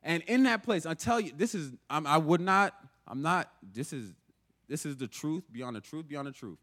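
Young male preacher, casual sermon delivery, slightly higher voice, lively. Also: normal speed. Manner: animated, conversational, often asks "right?".

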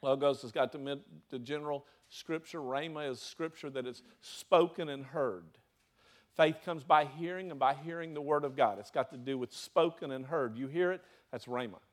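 A man's voice: a little high, normal speed. A man with a Southern US accent preaching a sermon, throwing rhetorical questions to his congregation. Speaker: pastor.

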